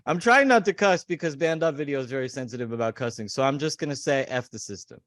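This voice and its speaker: A man's voice: mid-range voice, quick pace, a bit bright, no echo, studio quality. A man hosting a podcast, reading memes aloud in casual, mocking chat. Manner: sarcastic, mocking. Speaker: podcast host.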